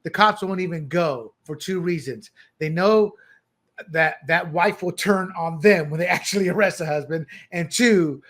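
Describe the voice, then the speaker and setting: A man co-hosting a political talk show, opinionated and animated, breaking into loud mocking quotes. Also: a little high, normal speed. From born abroad, country once under dictators. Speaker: podcast co-host.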